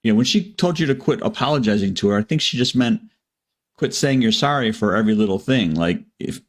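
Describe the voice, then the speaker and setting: A man's voice: on the low side, brisk. A man on an online panel speaking in a firm, explanatory way. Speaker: panel participant.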